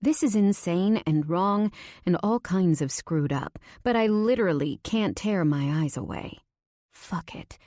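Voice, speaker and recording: A woman narrating a first-person romance audiobook in an intimate way, dropping at times to breathy whispers. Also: lowish voice, lively intonation, unhurried, warm tone, dry recording, clean studio sound.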